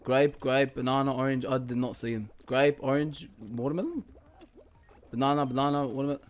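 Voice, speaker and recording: A young man giving casual gaming commentary, swearing a lot, laughing often and yelling now and then. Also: mid-range voice, a little fast. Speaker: gaming YouTuber.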